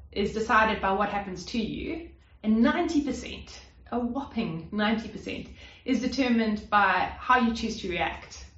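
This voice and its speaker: A woman preaching a sermon in an earnest, conversational way, with fillers and restarts. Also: a little high. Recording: roomy, slightly dull sound.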